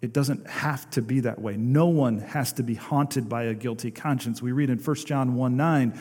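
A male pastor delivering a sermon, moving between emphatic exclamations and hushed, slowed-down phrases to stress his points. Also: mid-range voice, steady tone, slightly rough, big-room sound. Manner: dynamic preaching, swings from emphatic to hushed, slows for emphasis.

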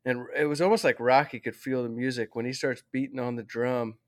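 A man's voice: medium pitch, fairly even intonation, a little fast. A man who is a guest on an interview show, telling a story in a rambling, heartfelt way and often correcting himself.

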